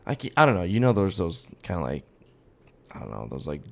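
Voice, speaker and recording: A man's voice: sits low, very animated, brisk, vocal fry. A young man co-hosting a casual podcast, telling a long rambling story full of filler words. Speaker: podcast co-host. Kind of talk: casual chat.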